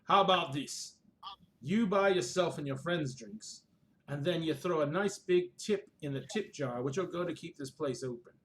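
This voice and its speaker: A man narrating as game master over a video call, easygoing and relaxed. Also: a little high, normal speed.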